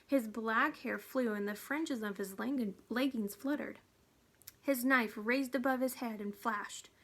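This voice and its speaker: A woman reading a children's storybook aloud, steady and hushed at tense moments. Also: on the high side, measured pace. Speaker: reader.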